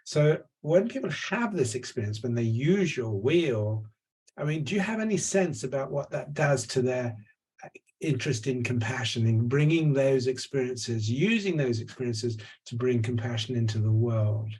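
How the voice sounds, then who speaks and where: A man's voice: medium pitch, animated, moderate pace, a little mellow, breathy edge. A man interviewing a guest, asking thoughtful, rambling questions.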